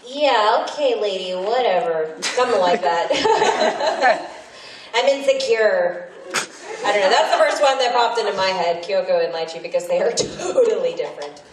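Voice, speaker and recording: A woman's voice: mid-range voice, lively intonation, normal speed. Giggly, chatty female panelist. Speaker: voice actress panelist. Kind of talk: convention panel talk. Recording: echoey hall mic from far off, noisy.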